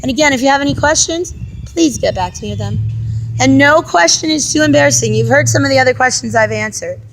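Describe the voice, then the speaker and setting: A young adult woman vlogging in a casual monologue, telling a story in an exasperated, animated way and speaking straight to her viewers. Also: high voice, quick pace, a little hiss or hum.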